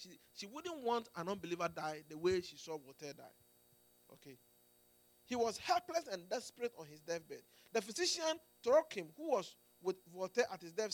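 Emphatic high-voiced preacher. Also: male voice, no echo. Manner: emphatic, with frequent restarts and "Amen"s and "Do you get it?". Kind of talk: sermon.

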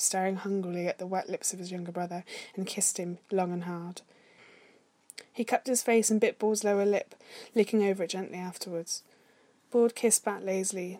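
A woman reading an erotic fan fiction story aloud in a soft, unhurried, slightly hushed voice. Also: medium pitch, dry recording. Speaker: narrator.

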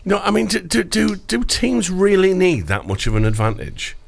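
A man's voice: high voice, big pitch swings, normal speed, vocal fry. A man co-hosting a casual football chat show, telling stories in an amused way. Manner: amused, chuckling storyteller. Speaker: co-host.

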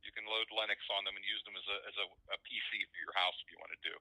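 A man's voice: low-pitched, steady tone, rapid-fire, vocal fry, pushed and bright, no echo, rough recording. A man, a guest on a paramotoring show, explaining technical details step by step with frequent hesitations. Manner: matter-of-fact, explains step by step with many uhs. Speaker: guest, paramotor pilot and electronics builder.

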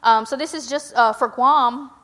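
A woman's voice: high voice, moderate pace, pushed and bright. A middle-aged woman gives a church presentation with slides, talking in a conversational, rambling way with many fillers and tag questions. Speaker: school principal giving a church talk.

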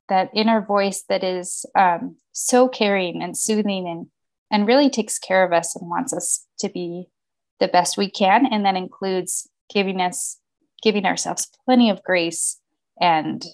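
A woman's voice: medium pitch, a little slow, darkish tone. Supportive woman podcast host. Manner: affirming, supportive listener. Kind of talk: casual heartfelt conversation.

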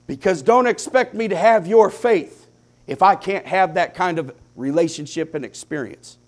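A man preaching a sermon, with impassioned swings between hushed, quiet lines and loud climaxes, drawing his phrases out slowly. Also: high-pitched, expressive. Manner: slow, deliberate preaching with drawn-out phrases.

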